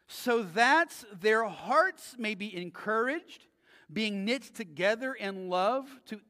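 A man's voice: sits high, a bit bright, long reverb tail. A man preaching a sermon as pastor, pressing his points with repeated refrains and rhetorical questions. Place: church sanctuary.

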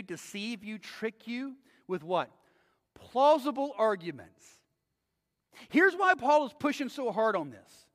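A man's voice: extremely high pitch, a bit bright, long reverb tail. A man preaching a sermon as pastor, pressing his points with repeated refrains and rhetorical questions. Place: church sanctuary.

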